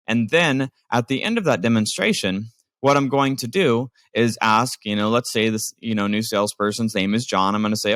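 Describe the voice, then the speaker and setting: A man's voice: lowish voice, fairly bright tone, no echo. A man, a business owner, explaining delegation in a conversational, emphatic way with many fillers. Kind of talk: casual instructional talk.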